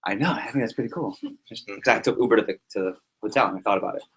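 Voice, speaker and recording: A man giving a motivational talk to his sales team as their liaison, animated and joking, acting out little scenes. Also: fairly low pitch, racing, husky.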